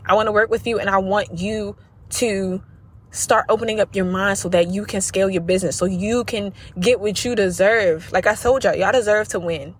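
A woman talks straight to her podcast listeners as a business coach, earnest and repetitive, calling them y'all. Her voice sits at a middle pitch with a husky, slightly breathy edge. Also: steady tone, normal speed. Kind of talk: casual motivational podcast talk.

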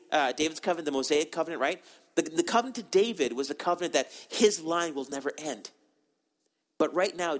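A man preaching a sermon, animated and conversational, acting out the people in the story and often repeating words as he goes. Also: on the high side. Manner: animated, acts out quoted voices, repeats words.

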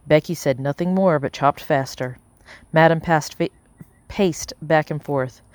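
A woman reading a novel aloud as an audiobook narrator, measured and steady, lightly voicing the characters. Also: low-pitched, no room sound. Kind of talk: scripted narration.

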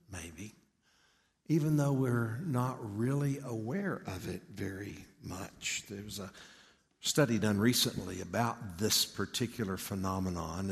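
A man with a Texan accent giving a conversational sermon in a folksy, storytelling manner. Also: medium pitch. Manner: folksy, storytelling, with many asides. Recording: long hall reverb.

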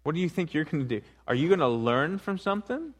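A man preaching while voicing Jesus, who calmly chides his followers in a low, quiet voice. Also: fast. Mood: gently chiding. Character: calm male Jesus rebuking his disciples.

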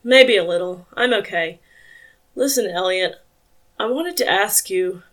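A tired injured man, read by a woman asks hesitant, searching questions in an audiobook. His voice is quiet and unhurried, at a middle pitch. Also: close to an everyday voice. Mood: questioning.

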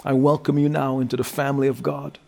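A man preaching a sermon, telling a story and dropping low and slow for scripture and prayer. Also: little pitch movement, gravelly, darkish tone. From New Jersey. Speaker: guest preacher.

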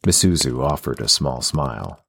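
Deep gravelly guy narrating a fantasy audiobook, husky voice, steady pace. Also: moderate pace, a little hiss or hum.

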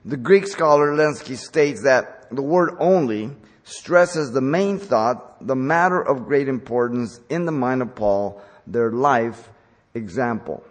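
A man's voice: mid-range voice, animated, slow pace. Emphatic male preacher in a reverberant hall. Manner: emphatic, stressing key words. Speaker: pastor. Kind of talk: expository sermon. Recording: long reverb from a large hall.

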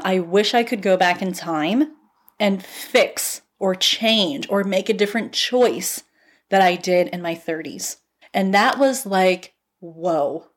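A woman in her thirties hosting a podcast, giving a casual motivational talk and laughing often as she gets fired up. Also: mid-range voice. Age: 30s. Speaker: podcast host. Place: at home. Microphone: phone.

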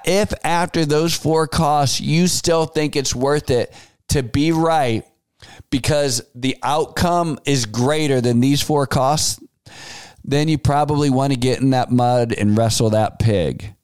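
A man in his forties hosting a solo podcast, giving advice in a folksy, animated storytelling way. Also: medium pitch, smooth, no echo. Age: 40s. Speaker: podcast host.

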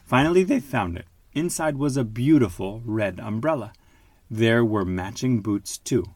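A man hosting a podcast with his child, reading a picture book aloud in an animated, playful way. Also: mid-range voice, moderate pace, breathy edge, dry recording. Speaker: father and podcast host.

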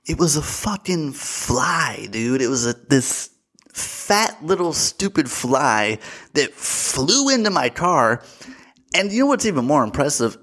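A young man rambles through a story on his solo podcast with big swings in pitch. His voice sits a touch higher than most men's. He swears casually and calls his listeners dude. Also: slow. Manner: animated storytelling, bursts into shouted voices; swears freely, says dude often. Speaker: podcast host.

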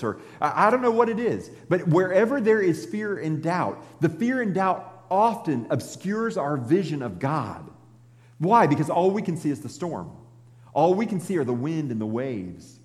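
Animated man preaching in a hall. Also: on the high side. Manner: conversational and animated, acts out scripture. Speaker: pastor. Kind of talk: sermon. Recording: long reverb in a large hall.

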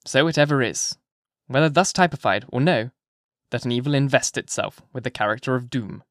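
A man narrating a classic novel as an audiobook in a measured, expressive reading. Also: mid-range voice, no echo, clean studio sound.

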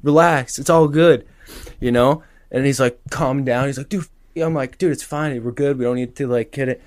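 A young man co-hosting a podcast, telling an animated story with lots of laughter and acted-out quotes. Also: medium pitch, normal speed, no room sound, studio quality. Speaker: podcast co-host. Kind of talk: casual storytelling chat.

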